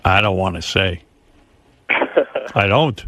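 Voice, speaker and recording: Deep, animated man hosting radio. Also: takes it slowly, dry recording. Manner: self-mocking, laughing storyteller. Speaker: radio show host. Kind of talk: radio talk show banter.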